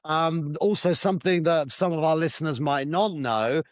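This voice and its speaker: A man's voice: on the high side, moderate pace, dry recording, studio quality. A man co-hosting a podcast, chatting casually and hedging his opinions. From southern England. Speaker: podcast co-host. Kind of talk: casual chat.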